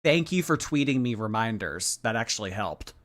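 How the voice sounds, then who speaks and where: Male stream host, bright and animated, mocking live reaction commentary. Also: lowish voice, normal speed. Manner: animated, mocking, chatty with viewers.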